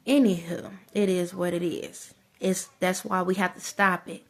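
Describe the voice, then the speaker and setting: A woman's voice: fairly low pitch, a little slow. A woman vlogger in casual, rambling commentary who repeats herself, talks straight to her viewers and breaks into frequent laughter. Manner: colloquial, addresses viewers as y'all.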